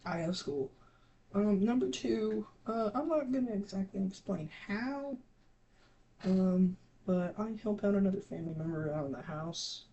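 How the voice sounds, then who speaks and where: A teenage gaming creator talking casually to viewers, halting and scattered, with many restarts and trailing thoughts. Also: mid-range voice, lively intonation, dark tone, muffled recording, a little hiss or hum. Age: teens. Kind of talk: casual rambling talk to viewers.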